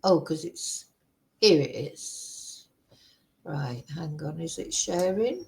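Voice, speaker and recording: A woman's voice: low voice, expressive, slow pace, creaky, a little mellow, poor audio. Angry woman ranting. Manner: heated, indignant, exclaiming. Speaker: vlogger.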